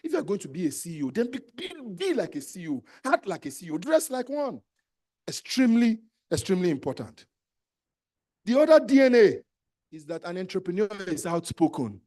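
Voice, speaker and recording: Nigerian guy, pretty high voice, preaching business hustle to a crowd, pushy and repetitive, bits of pidgin. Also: sing-song, fairly quick, warm tone. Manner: emphatic, exhorting, repeats commands to the audience. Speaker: entrepreneurship trainer. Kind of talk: live motivational speech.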